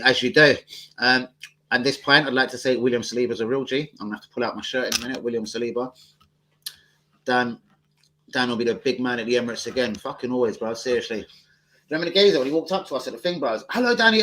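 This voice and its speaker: A man hosting a football fan livestream, talking in fast, sweary, jokey banter. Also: medium pitch, fairly bright tone, a little hiss or hum, poor audio. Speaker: fan channel host. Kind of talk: casual livestream chat.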